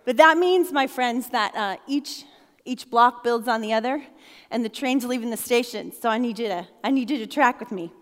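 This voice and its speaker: Woman pastor, middle-aged, high voice, playful sermon, long hall reverb. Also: normal speed. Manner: playful storytelling, laughs often, conversational.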